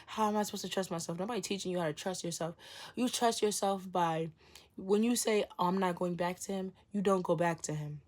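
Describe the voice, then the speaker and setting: A woman's voice: mid-range voice, fairly quick, a little mellow. A young woman talking frankly to camera about self-respect, slangy and blunt, swearing freely and acting out her own inner dialogue. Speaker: vlogger. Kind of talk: candid self-help talk to camera.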